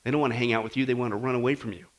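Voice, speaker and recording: A man preaching an exhorting sermon to a congregation, swinging from loud appeals to low asides. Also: very fast. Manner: animated, exhorting.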